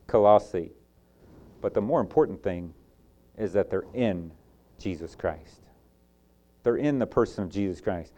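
A man with a Southern US accent preaching a Bible sermon. He builds to emphatic peaks and falls back to quiet, soft lines. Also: fairly low pitch. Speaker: pastor.

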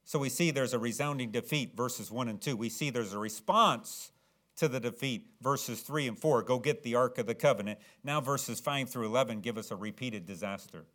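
A man preaching a sermon, swinging from low, earnest tones to loud, dramatic, acted-out shouts. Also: moderate pace.

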